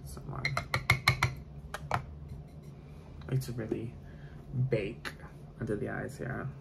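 A beauty vlogger makes casual conversation while doing his makeup on camera, full of opinions and given to tangents. His voice is on the low side, flat, slow and creaky, and heavy background noise surrounds it.

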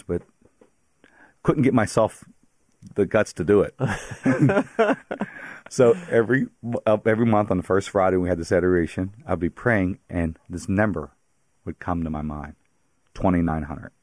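A man's voice: deep voice, expressive, normal speed, pauses often, a little mellow, no echo, clean studio sound. A man from the Pittsburgh area, a priest, telling his personal faith story as a radio interview guest, chatty and often laughing.

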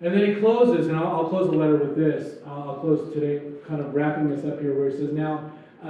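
Male pastor, high mellow tone, chatty joking sermon, distant dull recording. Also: steady tone, a little fast. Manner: conversational, jokey preaching with acted-out asides. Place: church sanctuary. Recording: echoey church hall, distant dull mic.

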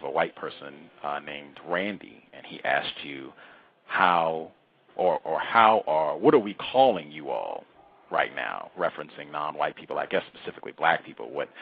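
Very deep-voiced male interview host. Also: husky, muffled recording. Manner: halting, many fillers and restarts. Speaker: radio show host.

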